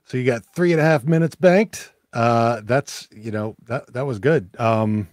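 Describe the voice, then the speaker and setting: A man moderating a casual podcast debate, halting with many fillers. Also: mid-range voice, a little mellow, no room sound, studio quality.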